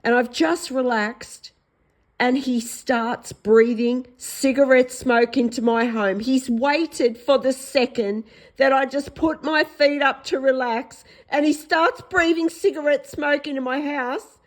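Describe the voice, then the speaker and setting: An Australian woman in a distressed personal vlog monologue, upset and pleading, repeating herself, her voice going hoarse. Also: sits high, fairly even intonation, takes it slowly, rough recording. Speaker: vlogger.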